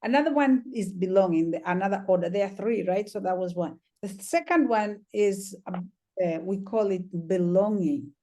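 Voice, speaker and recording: Mellow-voiced woman healer, gentle and reflective. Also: mid-range voice, normal speed. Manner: gentle, reflective, many "you know"s. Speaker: trauma healer, interview guest. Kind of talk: conversational storytelling.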